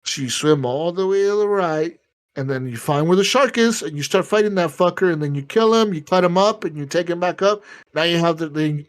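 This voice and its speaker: A man co-hosting a gaming podcast, chatting casually and rambling with lots of swearing, quickly acting out characters in asides. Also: fairly high pitch. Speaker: podcast co-host. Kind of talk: casual chat.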